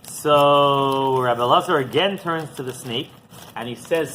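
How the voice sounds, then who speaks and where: A man, a rabbi, teaching through an animated story and acting out the dialogue as he goes. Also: medium pitch, unhurried, poor audio. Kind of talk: storytelling lesson.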